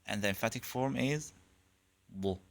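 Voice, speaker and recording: Brief: man, language instructor, unhurried careful delivery, patient drill-style repetition. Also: mid-range voice, lively intonation. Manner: patient, repeats sounds in drills. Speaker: Arabic language teacher. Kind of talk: slow, deliberate pronunciation lesson.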